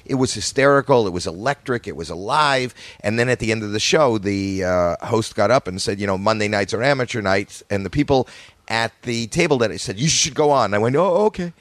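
A man's voice: fairly low pitch, fairly quick, a bit bright, no room sound. An older man from Canada, a comedian guest, telling rambling, self-deprecating stories in a casual podcast chat.

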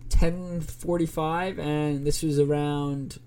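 A young man co-hosting a casual podcast, telling a story in an animated way and acting out both sides of phone calls. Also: a little high, slow pace. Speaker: podcast co-host.

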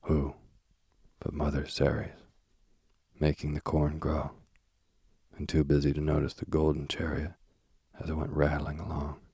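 A man reading a storybook aloud in a measured, even way. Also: very deep voice, husky, no echo, studio quality. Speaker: narrator.

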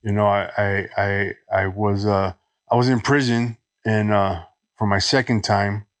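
A middle-aged man from Los Angeles, guest on a podcast, telling his recovery story in halting speech full of restarts. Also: lowish voice, level tone, clear, resonant tone, no echo. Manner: halting, many restarts and "you know"s.

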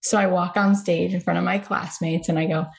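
Woman host, lowish voice, gushing and chatty, tells stories. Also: fairly even intonation, a little fast, gravelly. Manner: effusive, storytelling. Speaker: podcast host. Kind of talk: conversational interview.

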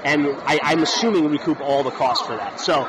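A man's voice: fairly high pitch, a little fast, dull audio, very noisy. A man as an interview guest, rambling and hesitant, with many fillers. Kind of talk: casual interview chat.

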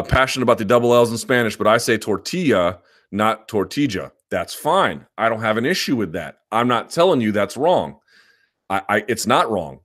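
A man's voice: lowish voice, a bit bright. A man hosting a live chat, answering viewer questions in a rambling, self-assured way, often restarting his sentences. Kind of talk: live chat, casual and opinionated.

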